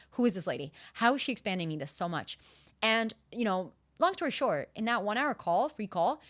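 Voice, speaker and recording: A woman hosting a solo podcast, retelling a personal story in an animated, casual way, with lots of fillers and the odd swear word. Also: fairly low pitch. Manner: casual, uses profanity. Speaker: podcast host.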